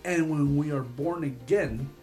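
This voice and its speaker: A young man leading an informal youth Bible study, earnest and animated, often restarting his sentences. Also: a little high, measured pace, soft background music. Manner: earnest, animated, laughs when excited, many restarts. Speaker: youth group leader.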